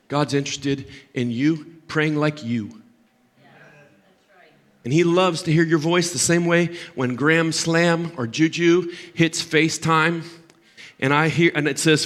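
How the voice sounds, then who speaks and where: Bright, impassioned older male preacher. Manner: impassioned, rising to loud emphatic peaks, then dropping low and quiet. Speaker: pastor. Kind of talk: sermon.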